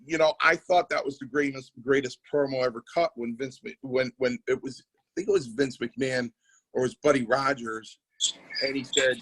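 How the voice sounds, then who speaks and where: The recording is rough as a medium-pitched man talks at normal speed about wrestling in casual podcast conversation. He's a wrestling promoter and former wrestler, and he tells his stories animatedly, acting out whoever he's quoting.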